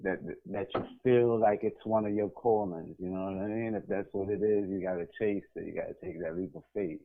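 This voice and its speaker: A man speaking calmly on a radio talk show, chiming in with short remarks of agreement. His voice is on the low side and comes through a tinny, phone-like line. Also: a little fast, gravelly. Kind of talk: casual radio chat.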